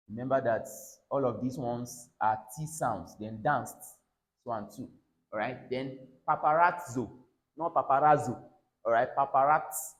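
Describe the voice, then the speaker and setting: A man with a Nigerian English accent teaches pronunciation at a middle pitch. He says each example word twice and keeps checking in with his class by asking "all right?". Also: low-quality recording.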